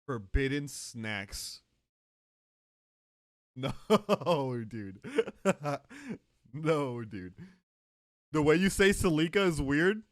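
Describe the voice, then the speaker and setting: A man's voice: fairly high pitch, drawn-out words, pauses often, no echo, studio quality. A man streaming live, chatting casually and joking with his chat. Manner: joking, animated, talks to chat.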